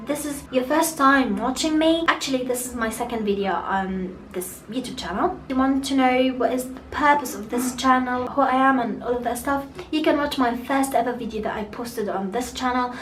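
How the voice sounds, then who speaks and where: A woman who learned English as a second language, talking earnestly to camera in a casual vlog, often repeating and restarting words. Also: high-pitched. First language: not English. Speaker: YouTuber. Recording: echoey room with faint hiss.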